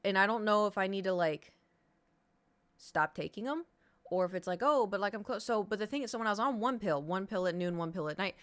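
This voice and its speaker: A woman chats to her live-stream audience in a loose, rambling way. She speaks candidly and swears freely. Her voice sits at an ordinary middle pitch. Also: lively intonation, fairly quick. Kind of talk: casual live-stream chat.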